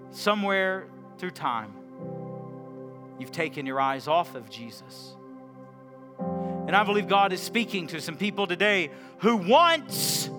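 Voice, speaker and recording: A man preaching a sermon, swinging from loud emphasis to hushed quiet lines and asking the congregation questions. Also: a little high.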